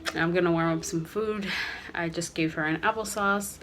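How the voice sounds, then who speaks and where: A woman's voice: fairly low pitch, fairly even intonation, moderate pace, fairly bright tone, slight background noise. A woman, a mother vlogging at home, talking candidly to the camera in a rambling way with many fillers. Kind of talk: casual talk to camera. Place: home living room.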